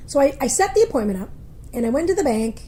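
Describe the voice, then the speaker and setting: A woman, a motivational speaker, telling a story in a casual interview, lively and acting out the voices of others. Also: high voice, fast talker, a little hiss or hum. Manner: animated, acts out quoted voices.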